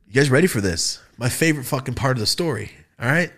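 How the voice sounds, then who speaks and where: A man's voice: medium pitch, fast talker. Podcast host guy telling stories, swears a lot, voice jumps all over. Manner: animated, profane, acts out other people's lines. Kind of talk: casual storytelling.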